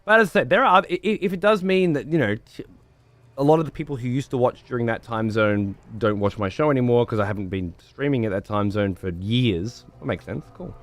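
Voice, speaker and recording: A man's voice: medium pitch, a little fast, no room sound. A man livestreaming, chatting to viewers in a rambling, profane way and repeating words as he thinks. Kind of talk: casual chat to stream viewers.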